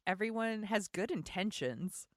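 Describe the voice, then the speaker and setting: A woman co-hosts a podcast, chatting casually and laughing often. Her mid-range voice has lively intonation and an unhurried pace, recorded at studio quality with no room sound.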